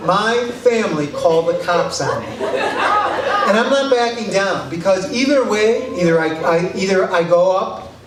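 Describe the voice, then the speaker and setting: A high-voiced man tells a self-deprecating, excitable story to a live audience. His voice is picked up from a distance in an echoey room with clear background noise. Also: normal speed. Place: stage before a laughing audience.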